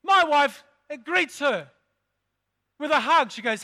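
A man preaching a sermon, emphatic and fond of repeating his phrases. His voice sits high and rings bright and forceful as he calls out to his congregation. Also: expressive, slow. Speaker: pastor.

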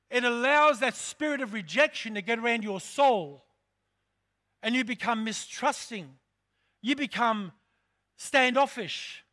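Pastor preaching, high bright voice, repeats himself for emphasis. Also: male voice. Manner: emphatic, repeats phrases, calls to the congregation. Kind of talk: sermon.

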